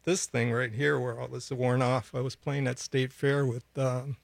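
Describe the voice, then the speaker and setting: A man with a gravelly, creaky edge in his voice talks loosely into a studio mic, padding his stories with "uh" and easy laughter. The sound is close and dry, with no room around it. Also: medium pitch, flat delivery, moderate pace, no room sound. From Milwaukee, USA. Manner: chatty storyteller, laughs often, many fillers. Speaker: bass player guest. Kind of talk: casual radio interview chat. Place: radio studio. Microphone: studio microphone.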